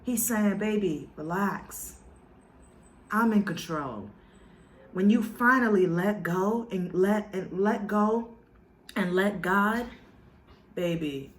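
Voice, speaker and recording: A woman vlogger talking to her viewers in a heartfelt, casual way, earnest and emotional, with a lot of "you know", now and then tearful. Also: fairly low pitch. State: tearful at times.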